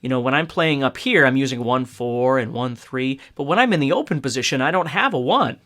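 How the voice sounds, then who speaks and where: A man's voice: mid-range voice, expressive, fairly quick, fairly bright tone. A man giving a casual, step-by-step guitar lesson, often checking in with "okay?". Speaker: guitar teacher. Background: acoustic guitar playing.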